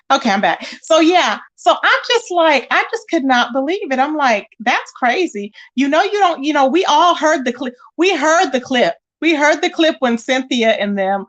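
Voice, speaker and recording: Woman livestreaming, high voice, aave, gossipy and chatty with her chat. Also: fairly bright tone. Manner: chatty, talks to viewers directly. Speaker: livestream host.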